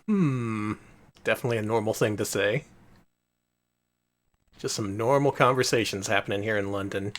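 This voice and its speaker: A man hosting a retro game stream, joking and commenting in a casual, animated way. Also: fairly low pitch, moderate pace, long pauses. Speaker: streamer host.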